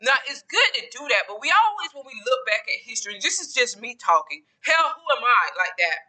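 Man, high voice, very bright and forceful tone, casual solo vlog, rambling talk, repeats himself and restarts sentences. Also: very animated, fairly quick. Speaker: podcaster and YouTuber.

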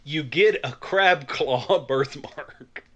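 A man's voice: fairly high pitch, extremely slow, pushed and bright, muffled recording. A man co-hosting a podcast, playfully recounting film scenes in casual chat, often laughing. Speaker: podcast co-host.

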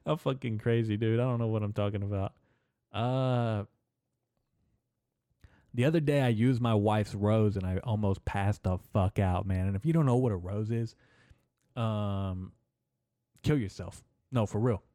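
Brief: male podcast host, rambling profane comic rant, mellow dark tone. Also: lowish voice, normal speed, dry recording, clean studio sound. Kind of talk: casual comedic rant.

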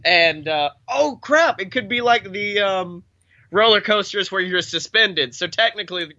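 A man co-hosting a casual comedic podcast chat, laughing often and riffing quickly on silly ideas. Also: sits high, expressive, pushed and bright, highs cut off. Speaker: podcast co-host.

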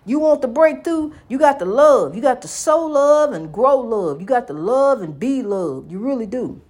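Fervent preaching woman, slightly high voice. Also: very animated, normal speed, darkish tone. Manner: fervent, repetitive, calls listener "honey". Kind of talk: preaching, inspirational monologue.

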